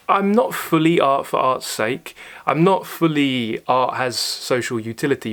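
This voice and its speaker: A young man hosting his own channel, answering viewer questions in a thoughtful, earnest way, often pausing with fillers and restarting his sentences. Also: mid-range voice, a bit bright. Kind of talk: casual solo talk to camera.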